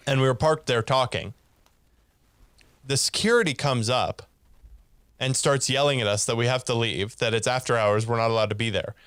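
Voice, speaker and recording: A man co-hosts a podcast in a casual, rambling storytelling voice, acting out quoted lines with bursts of energy. His pitch sits in the middle range. The sound is dry and close to the mic. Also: clean tone, dry recording. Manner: rambling, animated retelling with laughs. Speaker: podcast co-host.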